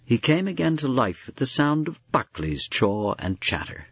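A man reading a story aloud with measured, dramatic storytelling. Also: mid-range voice, very animated, vocal fry, slightly rough, no room sound, lo-fi sound. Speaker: narrator.

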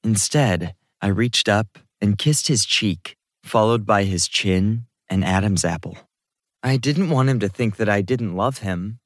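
A man narrating a romance novel in the first person, with steady, intimate storytelling. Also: fairly low pitch, a little slow, no room sound, clean studio sound. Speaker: audiobook narrator.

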